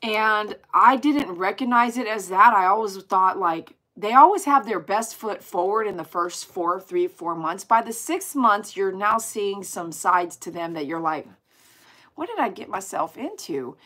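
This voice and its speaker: Bright-voiced chatty woman. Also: mid-range voice, a little slow. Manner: chatty, animated, exclaims and reads comments aloud. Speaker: dog groomer hosting a livestream. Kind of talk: casual livestream chat with viewers.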